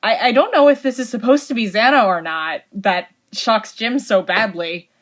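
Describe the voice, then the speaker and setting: A woman's voice: on the high side, moderate pace. Woman guest explaining technical details. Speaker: podcast guest. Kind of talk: casual chat.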